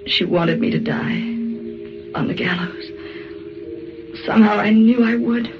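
A woman's voice: medium pitch, measured pace, natural voice. An actress playing a frightened young woman who narrates her own ordeal in a 1940s-style radio drama, in a tense, emotional way. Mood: despairing. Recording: dull lo-fi old radio recording with music. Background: dramatic background music.

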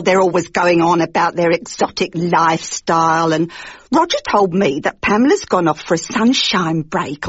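Brief: a snobbish English gossip, husky voice, swooping pitch, dry muffled radio sound. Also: female voice, dry recording. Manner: prattling, pompous, catty. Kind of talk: comic radio monologue.

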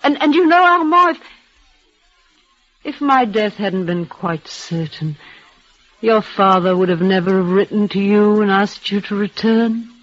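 An actress playing a dying young woman in a vintage radio drama, speaking in a breathless, halting, tremulous way. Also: mid-range voice, expressive, soft background music. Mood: resigned. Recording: dull old radio recording.

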